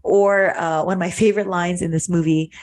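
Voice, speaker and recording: A woman hosting a podcast, calmly explaining ideas in a reflective conversation. She often restarts and repeats words as she thinks aloud. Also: lowish voice, fairly quick. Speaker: podcast host.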